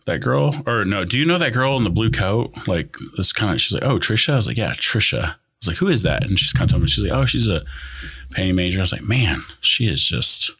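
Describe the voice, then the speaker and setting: A man's voice: deep voice, sing-song, fairly quick, creaky, sharp tone, breathy edge. A young man telling a personal story in casual chat, rambling with many fillers and restarts. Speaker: guest.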